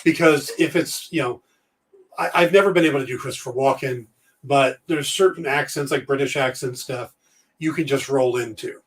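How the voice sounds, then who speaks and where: A man's voice: mid-range voice, moderate pace, distant mic. A man co-hosting a casual podcast chat, cracking jokes and telling stories. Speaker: podcast co-host.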